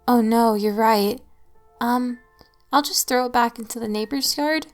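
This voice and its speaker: A woman's voice: on the high side, unhurried, clean tone, soft background music, close to an everyday voice. A woman voicing Isaac, a weepy little boy. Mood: panicked.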